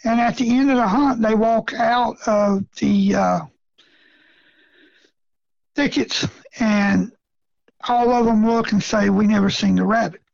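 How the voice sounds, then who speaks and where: Gravelly folksy man telling a story. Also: sits high, fairly even intonation, slow pace, pauses often, darkish tone, no echo. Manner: folksy storyteller, chuckles often, rural grammar. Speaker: rabbit hunting guest. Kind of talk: casual storytelling interview. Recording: dull lo-fi sound.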